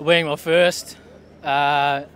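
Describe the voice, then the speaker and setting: A man's voice: fairly high pitch, little pitch movement, very slow, fairly bright tone. A man, a pro cyclist, answering interview questions outdoors in a thoughtful, wordy, casual way. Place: outdoors at a bike race.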